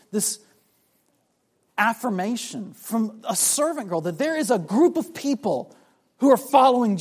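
A South Carolina man with a high-pitched, darkish, slightly rough voice preaches a sermon on a Bible passage. He dramatizes the voices of those he quotes, and his restarts bring repeated words.

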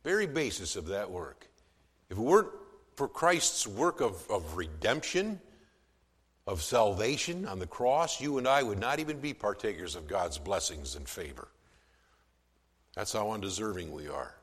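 A man preaching a sermon as pastor, swelling from soft to loud for emphasis, with some stammered restarts. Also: fairly low pitch, very animated, normal speed, husky, in a large hall.

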